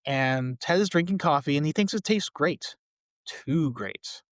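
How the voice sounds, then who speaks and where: A man's voice: fairly high pitch, measured pace, dry recording, clean studio sound. Chatty man recapping a sitcom. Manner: relaxed, chatty recap with fillers. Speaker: podcast co-host.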